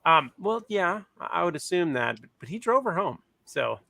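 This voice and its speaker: A man co-hosting a casual podcast who jumps in with quick jokes and asides. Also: high-pitched, very animated, vocal fry, bright, forceful tone, no room sound. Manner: joking, quick interjections. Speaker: podcast co-host.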